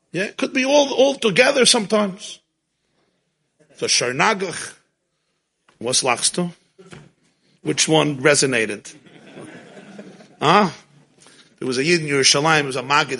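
A man teaching a Torah class, telling stories in a lively way and mixing in Hebrew and Yiddish terms. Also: a little high, vocal fry, husky.

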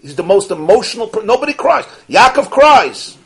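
A man teaching a Torah class, animated, posing rhetorical questions and swinging from soft asides to emphatic peaks. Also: high voice, normal speed. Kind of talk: Torah lecture to an audience.

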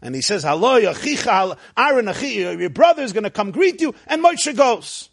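A man. He acts out the dialogue himself and swings into sudden loud outbursts. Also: high voice, sing-song, fairly quick, gravelly, slightly rough. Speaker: rabbi. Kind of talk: sermon.

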